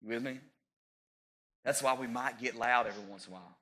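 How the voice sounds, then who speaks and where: A man in his thirties preaching a sermon as pastor, rising to loud peaks and dropping into joking asides. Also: mid-range voice, fast.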